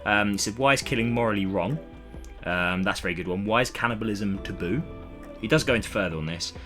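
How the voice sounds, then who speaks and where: A young man chatting on a casual podcast, retelling a comic plot with lively acted-out voices. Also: fairly low pitch, quick pace. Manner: animated storytelling, acts out characters' lines. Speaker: podcast co-host. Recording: music playing behind.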